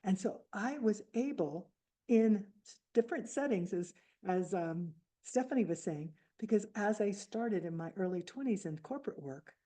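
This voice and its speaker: Reflective older woman, low mellow voice. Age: 70s. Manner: reflective, halting, with restarts. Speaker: author speaking at a book fair. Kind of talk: personal storytelling talk.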